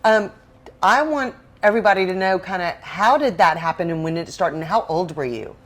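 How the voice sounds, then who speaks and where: A woman hosting a talk show, chatty and quick to laugh while she interviews a guest. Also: on the low side, lively intonation. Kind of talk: casual interview.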